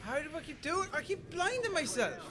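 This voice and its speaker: A young man giving frustrated gameplay commentary, swearing loudly and muttering exasperated asides while playing a shooter, with game music and gunfire behind him. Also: very high-pitched, sing-song, brisk, background noise. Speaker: gaming YouTuber.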